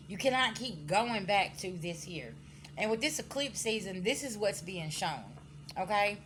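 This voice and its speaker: A woman's voice: mid-range voice, expressive, moderate pace, a bit bright, slight background noise. A woman giving a casual spiritual reading to her viewers, blunt and scolding, swearing freely and checking in with "okay?" as she goes. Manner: addresses viewers directly, frequent "okay?" checks. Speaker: spiritual card reader.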